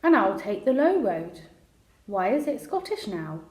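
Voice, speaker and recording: A woman's voice: fairly high pitch, expressive, unhurried. A woman voicing a practical, dry-witted girl in a storybook read aloud, with a matter-of-fact manner. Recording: roomy echo.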